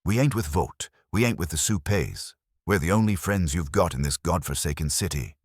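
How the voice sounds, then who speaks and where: A man voicing a desperate, vengeful vigilante who talks in rough, brash slang with a thick, guttural accent. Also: low-pitched, moderate pace, dry recording, clean studio sound. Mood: gruff, desperate. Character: desperate, vengeful male vigilante leader, bitter and blunt.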